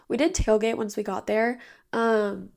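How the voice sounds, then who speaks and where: Young woman, 20s, chatty podcast host, slightly high voice, tired and nasal today. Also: fairly even intonation, a little slow, vocal fry, darkish tone. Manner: chatty, bubbly, lots of "like". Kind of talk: casual chat. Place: bedroom with blinds drawn.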